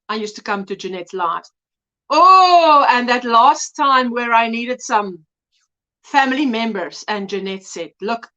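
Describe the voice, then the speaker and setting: Chatty woman hosting a live crochet stream, high and crisp, very expressive, playful with her audience. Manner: chatty, teasing, greets viewers by name. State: a little out of breath. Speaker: livestream host. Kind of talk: casual live chat while crocheting.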